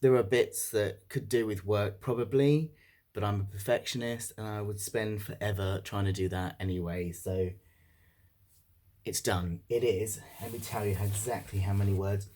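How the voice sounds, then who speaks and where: A man's voice: lowish voice, fairly even intonation, normal speed, a little mellow. A young man vlogging in a casual, candid way, joking about himself. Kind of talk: casual monthly vlog.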